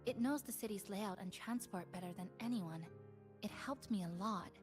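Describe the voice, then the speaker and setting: A woman plays a calm, polite young game heroine at a mid pitch, gentle and even as she offers help. Game music plays clearly underneath her lines. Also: moderate pace, natural voice. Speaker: game character.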